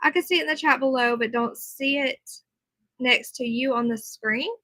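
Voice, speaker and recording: A tired woman livestreams from home, chatting casually with viewers while reading aloud and answering their comments. Her high-pitched voice has a sharp tone and a moderate pace, recorded dry on low-quality audio.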